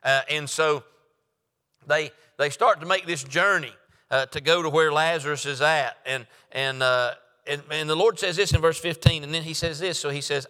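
A man's voice: fairly high pitch, fairly even intonation, moderate pace, pushed and bright. A man preaching a sermon in a folksy way, repeating phrases and acting out the dialogue of the story. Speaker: pastor. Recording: long hall reverb.

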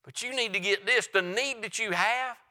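A man's voice: high voice, normal speed, pushed and bright, in a large hall. A man preaching a sermon as a pastor, telling a story and then building to emphatic appeals.

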